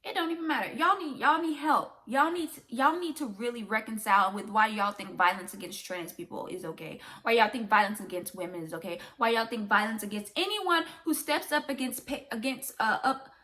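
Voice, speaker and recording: A woman's voice: a little high, expressive, a little fast, few pauses, bright, forceful tone. A young woman, ranting emphatically and repeating herself in a vlog to camera. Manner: impassioned, repetitive, emphatic ranting. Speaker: vlogger. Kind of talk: direct-to-camera commentary vlog.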